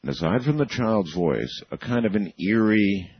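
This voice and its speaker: Very deep, lively-voiced male radio host. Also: moderate pace, husky, dry recording, dull audio. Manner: chatty, asks questions, jokes and laughs easily. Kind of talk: casual radio talk.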